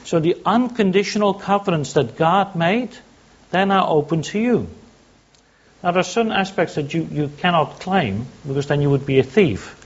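A man's voice: high-pitched, animated, moderate pace, husky, lo-fi sound. A man preaching a sermon, teaching by asking questions and answering them himself. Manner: teaching, asks and answers his own questions.

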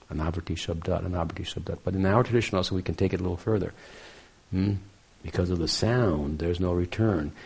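A man with a deep, husky voice lectures on sacred texts. He speaks reflectively and keeps checking in with his listeners with a questioning "hmm?". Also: a little mellow. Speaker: spiritual teacher. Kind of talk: scripture lecture.

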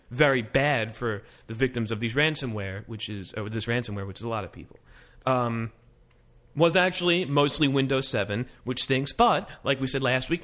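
A man co-hosting a casual tech podcast, talking fast and rambling with lots of restarts. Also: medium pitch, fairly bright tone. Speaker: podcast co-host. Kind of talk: casual tech news chat.

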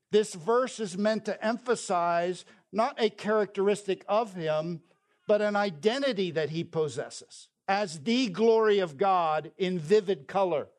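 Slow, emphatic male preacher. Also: sits high. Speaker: pastor. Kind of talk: sermon.

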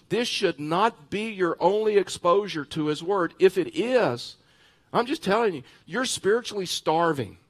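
Male pastor, sermon delivery, a touch high-pitched, lively anecdotal preaching with restarts. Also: husky. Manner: animated storytelling with bursts of laughter; repeats words and restarts phrases.

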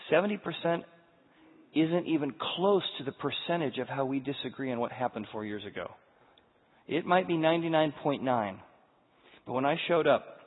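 A middle-aged male pastor preaching a sermon, animated and storytelling, dropping to a hush and then rising loud. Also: mid-range voice, slightly rough. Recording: echoey hall over a thin phone-like line.

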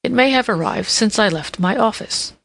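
A solemn, confident minister of police, as a woman narrator puts him on, reporting to his king in formal, earnest tones. The voice has a gravelly texture and a close, dry sound. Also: medium pitch, lively intonation, normal speed, a bit bright, no echo. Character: grave middle-aged male police minister, confident, official.

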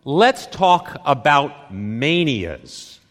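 A man giving a live conference talk on stage, speaking in short dramatic phrases with deliberate pauses. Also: on the high side, big pitch swings, over a noisy crowd, heavy background noise. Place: stage in a large hall. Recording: long hall reverb from a live stage.

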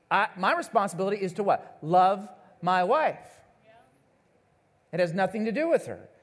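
A male pastor preaching a sermon to his congregation in a conversational way, calling out to the listeners and acting out the people he quotes. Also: high voice. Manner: animated, acts out the people he quotes. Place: church service before a congregation.

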